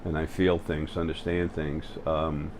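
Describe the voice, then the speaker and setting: A man hosting his own spiritual video channel, talking to the camera in a halting way, full of fillers and restarts. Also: a bass voice, level tone, noisy background. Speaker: channel host. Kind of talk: spiritual vlog monologue. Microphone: facing the camera.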